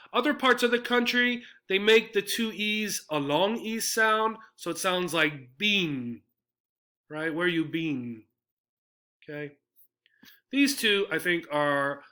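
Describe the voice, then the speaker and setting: Bright-voiced man teaching English words. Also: fairly high pitch. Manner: explanatory, frequent tag "right?" checks. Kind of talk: slide-based vocabulary lesson.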